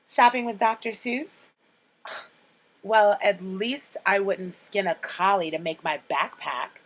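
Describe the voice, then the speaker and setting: A woman voicing a snobby, prissy rich teenage girl, reciting lines in a haughty, drawn-out way. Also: mid-range voice, voice pushed up, rough recording. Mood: snooty.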